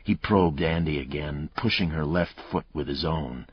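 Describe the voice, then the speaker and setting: A man reading a thriller audiobook aloud in measured, dramatic narration. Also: rumbling low, slightly rough, no room sound, highs cut off.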